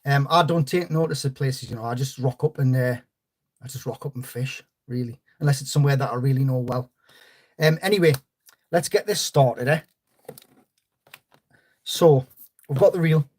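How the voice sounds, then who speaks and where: A man's voice: medium pitch, normal speed, pauses often, a little mellow. A man hosting a live fishing stream, chatting in a rambling way and greeting viewers by name. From North East England. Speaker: fishing channel host.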